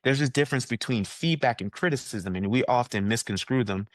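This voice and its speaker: A man as a guest coach in a conversational interview, acting out the people he quotes in lively voices. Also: mid-range voice, brisk, dry recording, studio quality.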